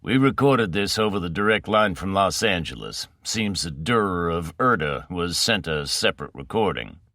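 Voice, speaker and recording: A man voicing a blunt, hard-bitten agent who speaks with flat certainty. The low, bright voice comes through close and dry. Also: normal speed, no room sound. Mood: matter-of-fact.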